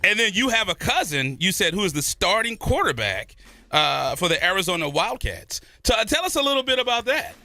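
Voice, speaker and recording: A man's voice: sits high, very animated, fairly quick, sharp tone, dry recording. A man with a Southern Californian accent co-hosting a sports radio show in a studio, interviewing with playful, mock-emotional humor. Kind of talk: casual sports talk.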